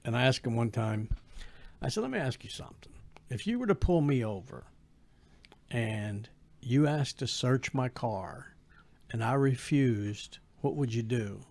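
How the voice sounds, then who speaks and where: A man talking as a comedian guest on a casual podcast, hesitant and measured, often repeating words as he thinks. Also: medium pitch, expressive, darkish tone. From United States. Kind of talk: casual chat.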